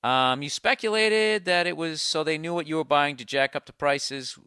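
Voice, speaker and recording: A man's voice: a little high, normal speed, pushed and bright, clear, resonant tone, dry recording, studio quality. A man hosting a podcast, ranting sardonically and profanely while reading listener mail. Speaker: podcast host.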